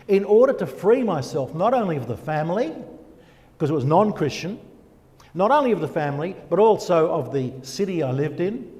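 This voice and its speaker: An older man giving a personal testimony as a guest speaker, animated and asking himself rhetorical questions. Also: fairly high pitch. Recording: long reverb of a church hall.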